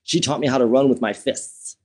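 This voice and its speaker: A man at an ordinary middle pitch tells a personal story to an interviewer. He talks in a chatty, candid way, restarting sentences and padding them with fillers. He laughs easily as he goes. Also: fairly even intonation, fairly quick, darkish tone, husky. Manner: laughs often while telling. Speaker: interview guest.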